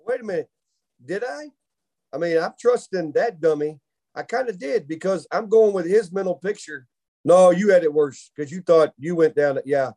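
Male podcast host, mellow tone, animated storyteller who laughs along. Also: sits high, normal speed. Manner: animated storyteller who laughs through his own tale. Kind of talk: casual storytelling chat.

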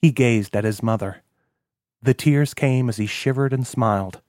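A man giving calm, measured scripted narration of a novel. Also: mid-range voice, no room sound, clean studio sound. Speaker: audiobook narrator.

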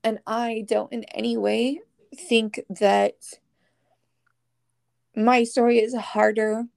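Woman podcast guest, candid and emotional, a creaky edge, close dry sound. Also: a little high, little pitch movement, slow, a little mellow, no echo. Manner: candid, emotional, swears casually. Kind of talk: casual storytelling chat.

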